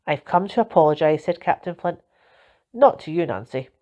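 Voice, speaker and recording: A woman's voice: sits low, animated, moderate pace, dark tone. A woman voicing a mild, apologetic middle-aged uncle in a storybook reading, earnest and contrite. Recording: dull lo-fi recording.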